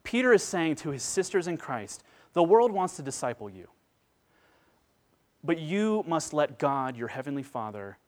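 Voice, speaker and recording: A man in his thirties delivers a sermon in a fairly high voice. He drops to a hushed intensity, then builds to loud, emphatic preaching. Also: big pitch swings, normal speed. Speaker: pastor.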